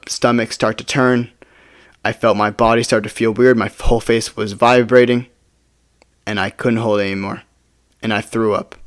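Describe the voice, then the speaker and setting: A man's voice: lowish voice, clean tone. A young man telling a personal story in a casual, rambling way, often stumbling and restarting his words. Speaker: storytime video creator.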